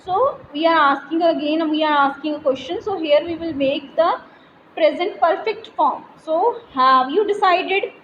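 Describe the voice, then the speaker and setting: A woman teacher with an Indian English accent and a high voice explains a grammar lesson step by step at a moderate pace. She reads example sentences aloud and uses frequent fillers. The recording has a long room reverb, a faint hiss, and cut-off highs.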